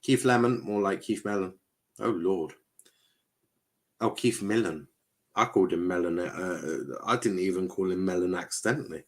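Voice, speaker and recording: A young man with a fairly low voice chats casually on a live stream, reading out comments as he goes. He rambles, trips over his words and drops the odd swear. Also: moderate pace. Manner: chatty, rambling, swears, stumbles and repeats himself. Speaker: watchalong streamer host.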